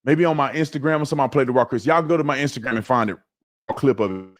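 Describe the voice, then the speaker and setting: A man's voice: medium pitch, racing. A man hosting a live reaction stream, talking emphatically and repeating words as he starts each point. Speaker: host.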